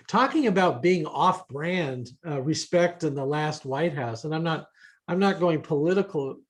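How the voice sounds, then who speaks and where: A man's voice: fairly high pitch, expressive, normal speed. A man hosting a casual roundtable, telling rambling anecdotes with hesitant restarts. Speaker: host.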